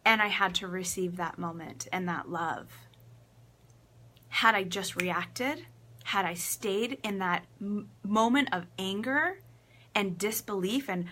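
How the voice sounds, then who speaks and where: A woman talking straight to camera as a relationship coach, her voice bright and forward. She tells stories casually and with feeling, playing out both sides of a conversation and laughing often. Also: mid-range voice, slow pace. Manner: animated storytelling, acts out quotes.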